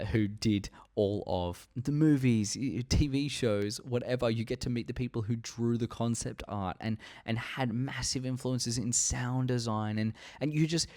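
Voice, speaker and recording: Young male commentator, lowish voice, rambling and profane. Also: darkish tone. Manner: rambling, restarts, frequent swearing. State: tired, yawning. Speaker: YouTube commentator. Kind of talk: casual unscripted talk to camera.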